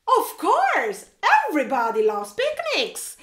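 Animated, high-voiced woman storyteller. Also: a little slow, roomy sound, a little hiss or hum. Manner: animated, playful, with mouth sounds and sing-song asides. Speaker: teacher and storyteller. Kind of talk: reading a picture book aloud to children.

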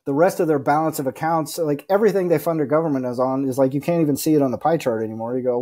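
Rambling man with a mellow voice. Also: fairly high pitch, very fast, hardly any pauses. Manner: rambling, acts out quoted voices, many fillers. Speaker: guest. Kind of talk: casual podcast conversation.

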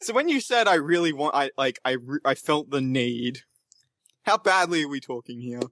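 A man's voice: medium pitch, animated, normal speed, a bit bright, no room sound. A man playing a tabletop game over voice chat, joking and playful. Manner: jokey, playful. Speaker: player.

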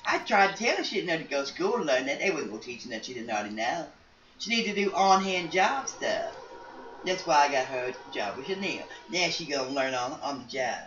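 A woman's voice: sits low, very animated, brisk, fairly bright tone. A woman voicing a chatty psychic grandmother in a life-sim game story, rambling and folksy with many restarts. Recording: roomy, distant, dull sound with faint noise.

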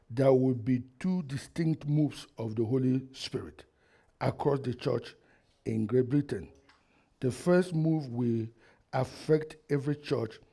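A man's voice: mid-range voice, vocal fry, breathy edge. A man preaching a sermon, reading a prophecy and then urging the congregation to repeat phrases after him. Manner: reads a prophecy quietly, then builds to shouted exhortation; leads the congregation in call-and-response repetition.

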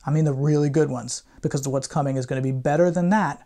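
A man's voice: a little high, fast talker, warm tone. A male professor giving a classroom lecture in a playful, irreverent way, with slangy asides and theatrical readings of quoted passages.

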